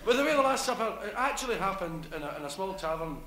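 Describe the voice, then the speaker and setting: A man's voice: sits high, big pitch swings, quick pace, background noise. A Glaswegian man doing live stand-up storytelling in a hesitant, wry way, full of local slang. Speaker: comedian. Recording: echoey live room, loud crowd laughter.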